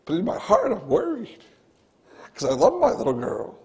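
A man preaching in a church with a slightly raised pitch and a dark, gravelly, fry-laden voice. His sermon is earnest and conversational, like talking straight to the congregation. He keeps circling back to address them directly. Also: huge pitch swings, moderate pace. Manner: earnest, conversational preaching, often starting with "listen". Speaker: pastor. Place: church sanctuary.

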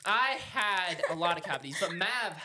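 A woman's voice: on the low side, expressive, moderate pace, background noise. A woman co-hosting a podcast in casual chat, teasing and laughing through her stories. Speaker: podcast co-host.

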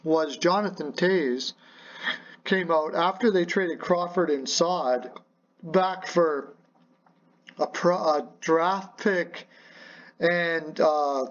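A man's voice: fairly high pitch, extremely slow, long pauses, lo-fi sound. A man hosting a casual hockey rumour show from his apartment, playful and jokey, rambling with lots of fillers. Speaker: hockey podcast host. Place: home apartment.

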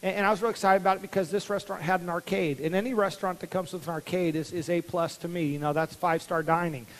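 A pastor in a church, telling a childhood story to his congregation in a high, lively voice. He acts out the voices of the people in the story as he goes. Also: fast talker, long reverb tail, poor audio. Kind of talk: storytelling sermon. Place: church sanctuary.

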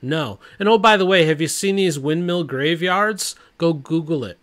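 A man's voice: a little high, normal speed, fairly bright tone. A middle-aged man giving blunt, exasperated commentary on the news from his home. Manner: blunt, exasperated, reads quotes aloud. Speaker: commentary channel host.

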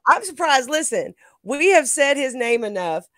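A woman's voice: sits high, sing-song, moderate pace, a bit bright, dry recording. Teasing woman co-host, dry sound. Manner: teasing, with frequent laughter. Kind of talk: casual chat.

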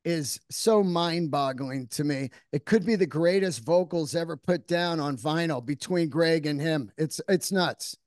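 High-voiced, profane podcast host. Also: male voice, a little slow, hardly any pauses, no room sound, studio quality. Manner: profane, animated storyteller, acting out quotes. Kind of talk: casual interview chat.

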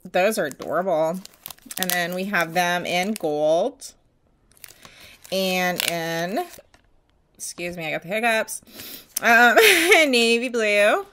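A woman's voice: mid-range voice, lively intonation, a little slow, pushed and bright, a little hiss or hum. A woman vlogger chatting casually and gushing as she unboxes nail art, with many ums.

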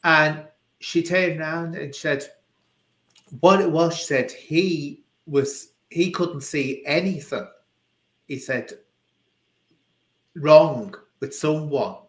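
Scouse host telling stories, mid pitch, echoey room. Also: takes it slowly, long pauses, fairly bright tone. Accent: Liverpool. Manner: anecdotal, full of quoted speech. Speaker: interview host. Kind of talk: casual chat. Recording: roomy echo.

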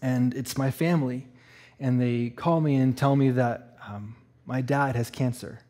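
A man from Eastern Canada telling a personal story in a sermon, animated and laughing, acting out the voices. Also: medium pitch, measured pace. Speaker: church speaker.

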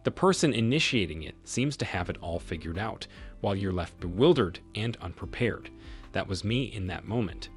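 A man narrating a scripted first-person story in a measured, reflective way. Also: fairly low pitch, expressive, soft background music.

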